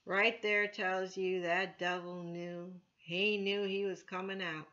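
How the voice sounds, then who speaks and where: Woman church elder, casual Bible teaching, bright voice, filler-heavy, dull lo-fi sound. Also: on the low side, little pitch movement, takes it slowly. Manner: conversational, many "you know" fillers, earnest. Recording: dull lo-fi recording.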